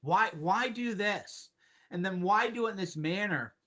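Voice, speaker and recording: A man's voice: sits high, expressive, a little slow, sharp tone. A man as a podcast guest, talking emphatically in casual chat, repeating points with sardonic asides.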